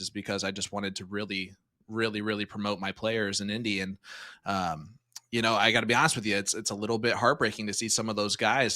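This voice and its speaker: A man's voice: lowish voice, sharp tone, dry recording, clean studio sound. A man guesting on a podcast, friendly and earnest, rambling a bit with fillers. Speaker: podcast guest, darts live streamer. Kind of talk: casual podcast chat.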